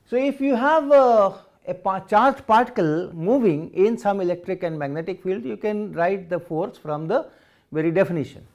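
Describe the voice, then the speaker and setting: A man's voice: high-pitched, moderate pace, darkish tone, highs cut off. A man giving a physics lecture, working through equations step by step and repeating phrases as he writes. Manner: repeats phrases while writing, methodical.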